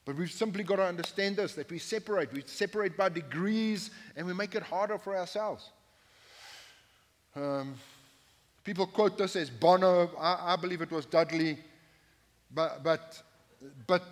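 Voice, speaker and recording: A man preaching a sermon from the pulpit, speaking emphatically and repeating his key phrases, with joking asides to the congregation. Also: sits high. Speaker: pastor. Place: church sanctuary, at the pulpit. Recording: long hall reverb.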